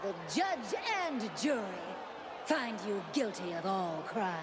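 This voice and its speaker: A woman's voice: medium pitch, animated, unhurried, lightly acted. A woman voicing a stern female cartoon judge who pronounces sentences in a theatrical manner, heard from game audio. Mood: pronouncing sentence. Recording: game audio with background noise.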